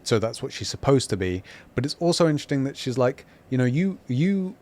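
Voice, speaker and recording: A man co-hosting a podcast review, speaking at an ordinary middle pitch. He talks in a loose, animated way, restarting sentences and slipping into quick impressions of the characters as he recaps. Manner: animated, acts out quoted lines, frequent restarts. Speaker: podcast co-host. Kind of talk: casual review chat.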